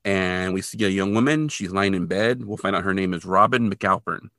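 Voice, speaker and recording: A man's voice: low voice, normal speed, fairly bright tone, dry recording, clean studio sound. A man co-hosting a podcast, retelling a TV episode in a loose, casual way with lots of filler words. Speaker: podcast co-host.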